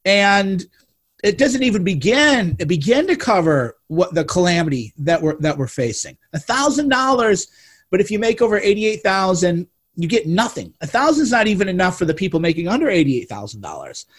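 A man with a high, husky voice hosts the talk and speaks bluntly with open indignation. He swears freely and pushes his points hard. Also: sing-song, a little fast. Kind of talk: casual political chat.

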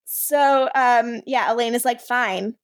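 Podcast co-host, woman, high pitch, dry close sound, animated casual recapper. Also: slow, clean tone, no room sound. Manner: animated, quotes characters in lively voices. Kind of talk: casual chat recapping a TV episode.

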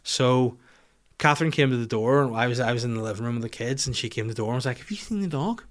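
This podcast host has a Northern Irish accent and a mid-range voice, talking at a quick pace. In relaxed chat he tells an energetic story laced with swearing and self-mockery.

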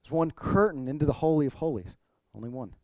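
A man's voice: fairly high pitch, fast, no echo, highs cut off. A man pastor preaching an expository sermon, earnest, building to emphatic points. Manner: earnest preaching, rising emphasis, occasional throat clearing.

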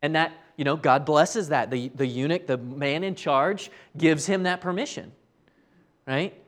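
A man delivering a casual, earnest sermon with a fairly high voice. He keeps tossing "right?" to his listeners as he tells the story. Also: a little slow. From United States. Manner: tags many sentences with "right?". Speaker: preacher. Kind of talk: conversational sermon.

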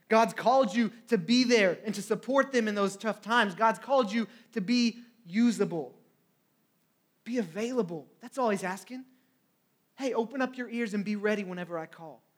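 A man's voice: sits high, normal speed. A man preaching a sermon in a conversational way, often asking "right?" and acting out quotes.

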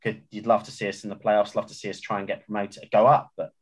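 A man's voice: fairly low pitch, flat delivery, quick pace, slightly rough. A man talking football on a casual podcast, rambling and hesitant with many restarts. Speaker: podcast guest.

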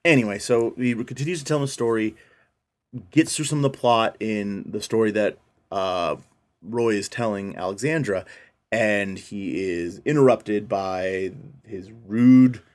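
A man's voice: on the low side, measured pace. A man casually recapping a film on a podcast, rambling and enthusiastic, acting out quotes in changed voices. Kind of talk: casual chat.

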